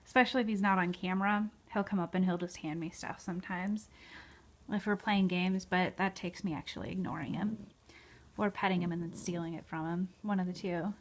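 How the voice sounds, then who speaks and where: A woman's voice: on the low side, fairly even intonation, brisk, a little hiss or hum. Young woman, casual vlogger; chatty, filler-heavy, shot on a phone camera. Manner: chatty, lots of fillers, baby-talks to her dog. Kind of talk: casual vlog.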